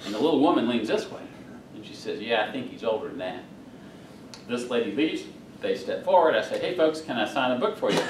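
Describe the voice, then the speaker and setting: A middle-aged man from North Carolina is the guest speaker at a club meeting, giving a humorous storytelling speech in a folksy style and chuckling through his punchlines. His pitch is medium. A distant room mic in the meeting hall gives a roomy sound with slight background noise.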